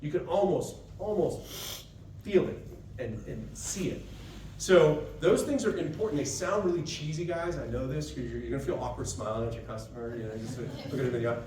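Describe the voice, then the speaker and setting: Man presenter at a trade seminar, slightly high voice, loose and chatty, recorded off-mic in a roomy space. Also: brisk, a little mellow, a little hiss or hum. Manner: casual, conversational, keeps asking "right?". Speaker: seminar presenter to dent repair technicians. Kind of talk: live trade-show seminar talk. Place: expo session room. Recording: echoey room, voice picked up from a distance.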